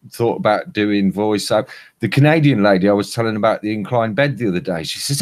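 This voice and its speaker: A man's voice: on the low side, normal speed. Rambling older man from Lincolnshire. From Lincolnshire, England. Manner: chatty, rambling storyteller with many restarts. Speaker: former podcast host, guest. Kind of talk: casual chat.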